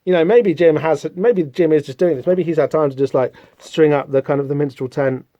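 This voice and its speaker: Rambling man, dark dry voice. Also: a little high, brisk, dry recording, highs cut off. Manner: rambling, self-deprecating, apologetic asides. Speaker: podcast host. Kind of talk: casual solo comic-book discussion.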